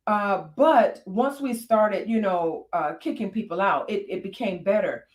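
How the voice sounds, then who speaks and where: A woman's voice: medium pitch, measured pace, echoey room. A woman co-hosting a candid conversation about marriage, telling personal stories. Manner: reflective, storytelling with frequent fillers. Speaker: podcast co-host.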